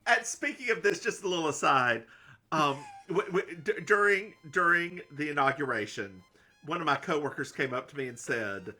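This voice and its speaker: Snarky bright-voiced male podcast co-host. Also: a little high, expressive, moderate pace, soft background music. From American South. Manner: snarky, laughs often, stumbling restarts. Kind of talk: casual recap chat.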